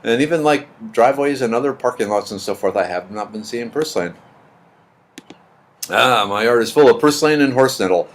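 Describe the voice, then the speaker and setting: A man's voice: mid-range voice, expressive, moderate pace. Man, middle-aged, stream host, casual chat, rambling, repeats himself, mid-range voice. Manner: chatty, rambling, repeats words. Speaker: livestream host reading chat.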